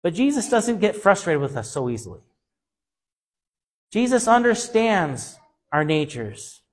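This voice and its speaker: A male pastor delivers a sermon in a very high-pitched voice. He preaches with an emphatic, repetitive rhythm, hammering on the same phrases. He moves between hushed, low passages and louder, lifted ones. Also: very animated, unhurried.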